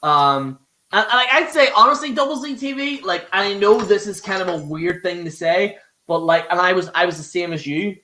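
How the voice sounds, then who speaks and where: Bright, rambling Irish male host. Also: high-pitched, animated, moderate pace, slight background noise. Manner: rambling, swears a lot, many restarts. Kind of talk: casual live-stream chat.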